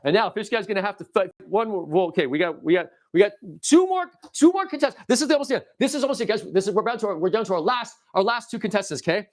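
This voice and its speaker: Brief: male streamer, playful toy-battle commentary, lively pitch, lots of restarts. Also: fast, hardly any pauses. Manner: excitable, rambling, with frequent restarts and shouting cheers. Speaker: livestream host.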